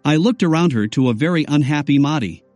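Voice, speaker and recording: A man narrating a first-person audiobook in a steady, scripted reading. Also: fairly high pitch, fast, no echo, faint music behind.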